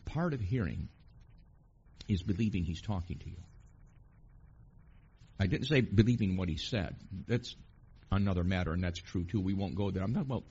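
A man preaching a sermon, emphatic, rising to loud peaks and asking the congregation questions. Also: low voice, animated, moderate pace, long pauses, slightly rough, highs cut off.

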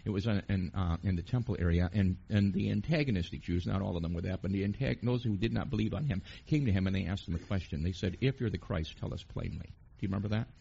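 A man preaching a sermon, emphatic, rising to loud peaks and asking the congregation questions. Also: low voice, quick pace, gravelly, few pauses, breathy edge, highs cut off.

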